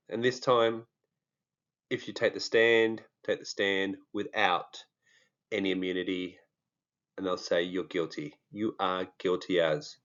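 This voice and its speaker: A man's voice: sits low, a bit bright, smooth, highs cut off. A man with an Australian accent, talking casually and jokingly to his viewers, with many fillers. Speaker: true crime vlogger. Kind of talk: casual monologue to camera.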